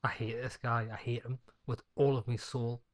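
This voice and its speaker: A man's voice: medium pitch, little pitch movement, moderate pace. A man commentating casually on a video game with crude, mocking asides. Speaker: gaming YouTuber commentator. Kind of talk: casual let's-play commentary.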